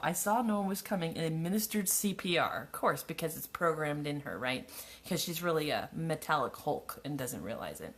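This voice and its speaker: A woman's voice: low voice, a bit bright. A woman reading her own childhood story aloud, breaking off for wry, sarcastic asides. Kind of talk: live reading with mocking commentary.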